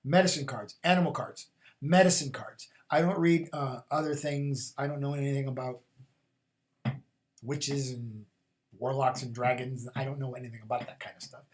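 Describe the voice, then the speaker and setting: A man's voice: mid-range voice, a bit bright. A man hosting a spiritual call-in show, talking loosely with fillers and repeated, chant-like questions. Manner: rambling, with fillers and repeated phrases; rhythmic, incantatory questions. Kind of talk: casual spoken monologue.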